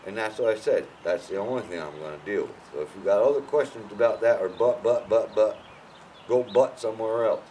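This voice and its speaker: A man offers casual horse-training instruction, blunt and emphatic, frequently restarting his sentences and swinging lively between low mutters and loud bursts. He talks fairly quickly. The audio is poor, with a little hiss or hum.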